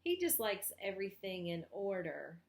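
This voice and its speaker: A woman voicing a gentle, patient young man who speaks softly and reassuringly. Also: medium pitch, very animated, moderate pace, creaky, reverberant.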